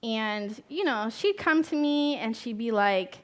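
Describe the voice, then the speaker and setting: A young woman therapist speaking to a room of parents in a chatty, conversational way, her voice sitting a little high. She often asks the audience questions and briefly slips into the voices of the people she quotes. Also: animated, a little slow, few pauses. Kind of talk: talk at a conference.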